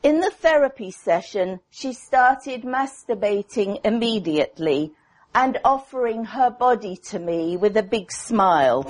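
A woman psychotherapist reading a prepared clinical paper aloud in a measured, deliberate way. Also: medium pitch, animated, noisy background.

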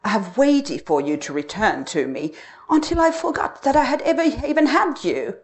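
A woman's voice: a little high, big pitch swings, moderate pace, voice pushed up. A woman reading the lines of a bold, defiant young wife, impassioned and mocking. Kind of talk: storybook reading.

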